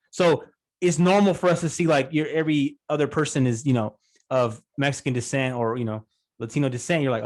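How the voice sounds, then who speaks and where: Man, podcast host, fast chatty talk, slightly high voice, lots of fillers. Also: fairly even intonation. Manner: quick, chatty, many fillers. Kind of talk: casual interview chat.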